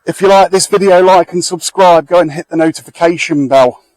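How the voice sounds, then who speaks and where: Male vlogger, middle-aged, talkative and rambling, handheld camera outdoors, fairly high voice. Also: a little fast, darkish tone, no room sound, low-quality recording. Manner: chatty, rambling, addresses viewers directly. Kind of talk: casual walk-and-talk vlog. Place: outdoors in a back lane near a fire.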